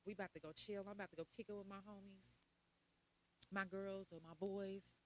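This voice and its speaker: A woman hosting a podcast, talking candidly and casually about mental health, sometimes loud and laughing, sometimes low and quiet. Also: steady tone, a little fast, rough recording. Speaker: podcast host.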